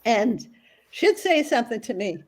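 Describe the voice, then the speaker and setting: A woman telling family stories in an excitable, rambling way, losing her train of thought. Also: fairly high pitch, normal speed, rough recording. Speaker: guest author. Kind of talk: casual chat.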